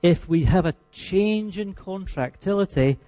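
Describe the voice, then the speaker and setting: A Scottish man teaches a physiology class in a mellow, darker voice. He leans hard on key terms, slowing down to repeat them, and tosses in dry jokes. The sound is close and dry. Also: high voice, expressive, no echo, faint music behind. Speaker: lecturer. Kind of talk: university lecture.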